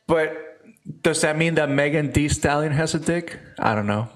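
A man co-hosting a casual podcast, telling stories in halting bursts with frequent restarts. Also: fairly high pitch. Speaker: podcast co-host. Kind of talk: casual comedic chat.

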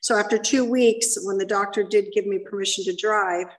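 Her mid-range voice holds fairly even intonation at normal speed as this middle-aged woman shares her recovery-meeting story. The testimony, candid and self-deprecating, is given to a live audience in a meeting room and picked up from a distance.

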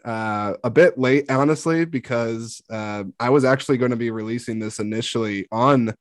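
A man's voice: mid-range voice, moderate pace, no room sound, studio quality. A man hosting a podcast in casual chat, joking and self-deprecating as he rambles. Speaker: podcast host. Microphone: studio microphone.

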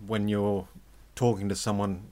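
A man co-hosting a podcast in casual chat, speaking in a slow, hesitant, dry way. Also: on the low side, flat delivery, warm tone. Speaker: podcast co-host.

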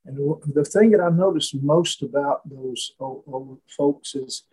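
Husky man telling a slow story. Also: a little high, warm tone, rough recording. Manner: slow, halting, many restarts and fillers. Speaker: guest storyteller. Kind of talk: reflective storytelling in conversation.

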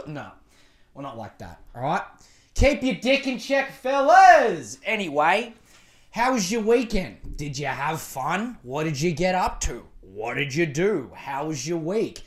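A man's voice: on the high side, sing-song, measured pace. A man hosting a solo podcast, joking, swearing freely and rambling through a rant. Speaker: podcast host.

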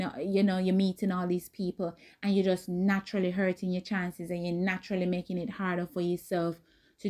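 Mellow-voiced woman giving blunt dating advice. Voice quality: not high or squeaky. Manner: direct, emphatic, conversational with quoted asides. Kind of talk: casual advice talk.

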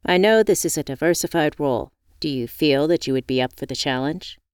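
A woman reading the part of a formal male hiring manager, businesslike and brisk. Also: on the high side, clear, resonant tone, no echo, studio quality, close to an everyday voice.

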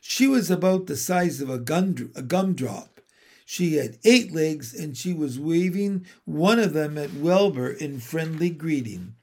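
A man reads a children's story aloud with gentle, unhurried storytelling. His voice sits a little high and carries a gravelly rasp, and he takes his time over every line. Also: lively intonation. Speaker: narrator. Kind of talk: children's audiobook narration.

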